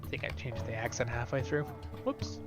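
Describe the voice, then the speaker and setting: A man's voice: mid-range voice, fairly quick, creaky, music in the background. A man hosting a game playthrough, chatty and laughing at himself while commenting. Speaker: let's play host. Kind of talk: casual gameplay commentary.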